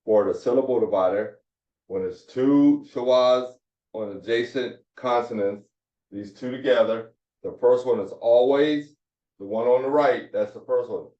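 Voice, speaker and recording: Guy teaching hebrew phonics real slow, far off the mic in an echoey room. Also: mid-range voice. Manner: slow, repetitive drilling of syllables. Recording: roomy, distant, dull lo-fi sound.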